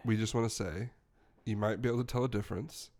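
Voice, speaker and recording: Low-voiced joking podcast host. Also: male voice, steady tone, fast talker, a little mellow. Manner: jokey, self-mocking. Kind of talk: casual chat.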